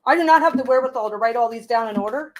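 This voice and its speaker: A slightly high-voiced woman gives live tarot readings in a loose, chatty way. She stumbles and repeats herself as she thinks aloud, then settles into reassuring advice. Her pitch sits a little above the usual. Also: racing. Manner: chatty, frequent restarts and repeated phrases. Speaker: tarot reader hosting a live stream.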